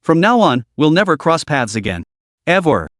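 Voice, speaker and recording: A man's voice: a little high, big pitch swings, moderate pace, a bit bright, no echo, studio quality. A man voicing a young man who is a blunt, bitter street vendor, reading him in a storybook recap. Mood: sarcastic. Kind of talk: storybook narration.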